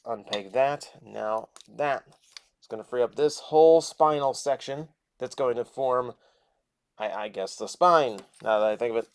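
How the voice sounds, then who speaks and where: A man's voice: mid-range voice, a little mellow. A man casually reviewing a toy, chatting and thinking aloud as he transforms it step by step.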